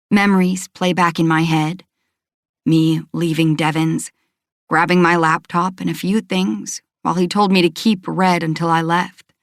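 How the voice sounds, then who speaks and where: Low-voiced woman narrating a romance audiobook. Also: no room sound, clean studio sound. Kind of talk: first-person romance narration.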